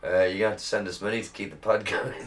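Jokey British man, low-voiced podcast host. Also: sing-song, brisk, a bit bright, a little hiss or hum. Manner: jokey, laughs often, swears. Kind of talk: casual podcast chat.

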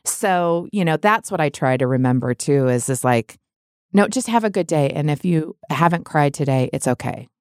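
A middle-aged woman with a low voice talks candidly in a podcast conversation. Her tone is reflective and open, and it rises sharply when she acts out other people's words. The sound is close and dry. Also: animated, moderate pace, a little mellow, clean tone, no echo. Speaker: guest.

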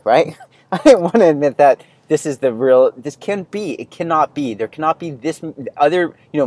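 A man hosting a podcast, telling a personal story in a rambling, animated way and often cutting himself off mid-sentence. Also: mid-range voice, poor audio. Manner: rambling, animated, self-interrupting. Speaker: podcast host. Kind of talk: casual storytelling monologue.

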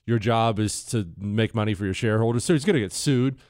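A man's voice: fairly low pitch, brisk, a little mellow, no room sound, clean studio sound. A man hosting a talk radio show, brash and sarcastic in his opinions and reading ads in the same brash way. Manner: brash, sarcastic, mocking impressions.

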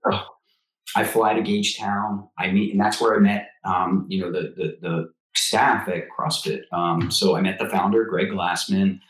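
Low-voiced former Marine telling stories. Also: male voice, moderate pace. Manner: animated storyteller, acts out quotes. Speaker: guest, former Marine officer. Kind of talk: casual storytelling interview. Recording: roomy echo.

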